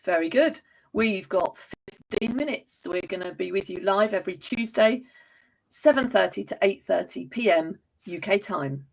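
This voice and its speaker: A woman's voice: medium pitch, moderate pace, vocal fry, low-quality recording. A woman from Hertfordshire with an Estuary English accent, co-hosting a casual chat and laughing easily. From Hertfordshire, England. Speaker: co-host.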